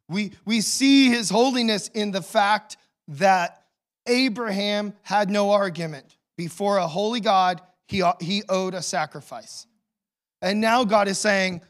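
High-voiced pastor preaching dramatically. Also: male voice, a little slow. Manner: storytelling, swinging between hushed and loud emotional delivery. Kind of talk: sermon.

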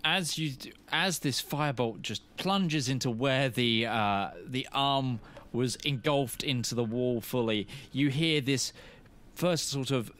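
A man narrating as game master of a tabletop game, pausing often and searching for words. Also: mid-range voice, fairly bright tone. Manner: halting, searching for words with many fillers.

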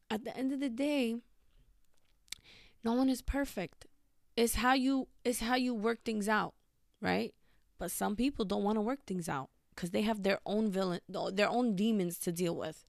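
Blunt ranting woman with a gravelly edge. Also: mid-range voice, a bit bright, no echo, clean studio sound. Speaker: podcast host. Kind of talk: casual monologue.

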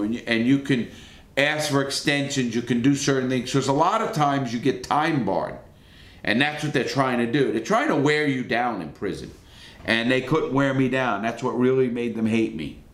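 A man's voice: mid-range voice, fairly bright tone, echoey room. A former prisoner telling his own story to camera in a blunt, profane way, full of rhetorical questions and acted-out outbursts. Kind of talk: casual first-person storytelling to camera.

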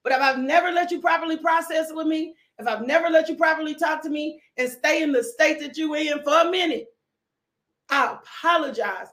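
A woman preacher giving an impassioned sermon, fervent and emotional, breaking into sudden shouts and repeated pleas. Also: sits high, brisk. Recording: echoey room.

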